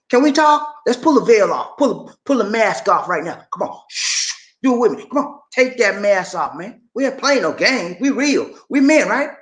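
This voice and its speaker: An older man hosts a motivational live stream in an echoey room, his high voice a bit bright. He speaks in a preachy, rallying way, repeating phrases to draw listeners in.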